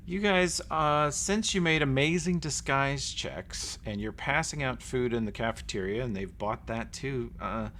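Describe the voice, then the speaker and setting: A man's voice: mid-range voice, a little slow, few pauses, fairly bright tone, slight background noise. A man running a tabletop game as game master, narrating scenes vividly and acting out sounds. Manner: vivid, acts out sounds and voices.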